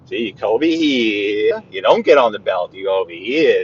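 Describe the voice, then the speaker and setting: A man's voice: fairly low pitch, animated, moderate pace, slight background noise. A man talks casually from behind the wheel, pointing things out as he drives. His speech rambles, full of restarts and playful asides. The sound is a bit dull, like live-stream audio captured inside a car. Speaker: driving vlogger giving a live tour.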